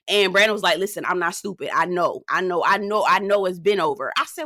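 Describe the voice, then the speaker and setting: A woman's voice: on the low side, a little fast, hardly any pauses, sharp tone, dry recording, clean studio sound. A woman hosting a casual, sassy recap of a reality show, talking straight to her viewers.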